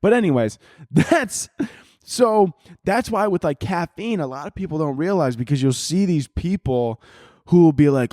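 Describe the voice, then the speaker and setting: A man's voice: a little high, lively intonation, normal speed, warm tone, no room sound. Chatty young man, close and dry. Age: 20s. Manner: rambling and profane, heavy on fillers, laughing at his own jokes. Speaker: podcast host. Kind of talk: casual solo podcast chat.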